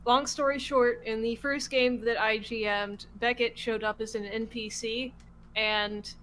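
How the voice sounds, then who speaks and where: A woman player in a tabletop game podcast, explaining at a measured pace in casual chat. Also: on the high side, fairly even intonation, fairly bright tone, a little hiss or hum, low-quality recording.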